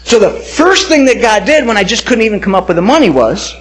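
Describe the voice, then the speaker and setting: Brief: middle-aged male pastor, fairly high voice, swooping and lively as he tells his own testimony. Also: fairly quick. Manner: animated, acts out quoted voices. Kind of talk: personal testimony storytelling.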